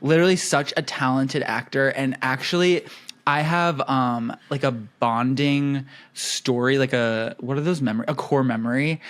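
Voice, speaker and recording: A man's voice: mid-range voice, normal speed, fairly bright tone. A man co-hosting a casual chat podcast, rambling with lots of hesitations and giggles. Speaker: podcast co-host.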